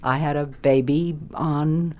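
An older woman, a former radio actress, reminiscing in an interview as an animated storyteller who laughs readily. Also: low-pitched, takes it slowly. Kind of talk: reminiscing conversation.

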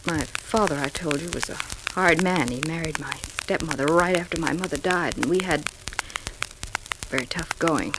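An actress playing a hesitant, insecure young woman in love in an old radio soap, halting in her speech. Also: sits low, close to an everyday voice. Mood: sorrowful. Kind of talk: 1940s radio soap acting. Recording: scratchy old radio recording with clicks.

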